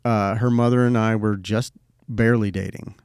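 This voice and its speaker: A man's voice: fairly low pitch, steady tone, moderate pace, a little mellow, clear, resonant tone, dry recording, studio quality. Laid-back middle-aged man telling a story. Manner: laid-back, rambling, swears freely. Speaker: podcast co-host. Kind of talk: casual storytelling chat.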